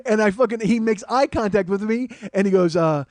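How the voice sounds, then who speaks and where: A middle-aged man, the host, telling a comic story in an animated, profane way, often getting loud and excited. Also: sits high, brisk, dry recording. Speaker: podcast host.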